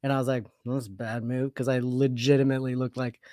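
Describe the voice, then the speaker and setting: A man on a podcast as a guest, talking in an animated, self-mocking way and admitting he's nervous. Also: mid-range voice, fast, no echo, studio quality. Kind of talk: casual chat.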